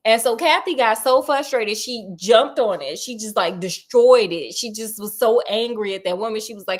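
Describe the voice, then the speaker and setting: A woman with a fairly high voice retells a story in a chatty, sassy way. She talks straight to her listeners and slips into the characters' voices as she goes. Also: moderate pace, hardly any pauses. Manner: sassy, animated, talks to listeners as "girl" and "honey", acts out the characters. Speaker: storyteller host. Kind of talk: casual chatty book retelling.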